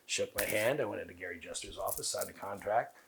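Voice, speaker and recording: A man with a Southern US accent, a guest in an interview, telling long profane stories full of quoted dialogue at a rapid clip. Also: low voice, creaky, a crowd in the background. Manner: fast talker. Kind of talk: casual interview storytelling.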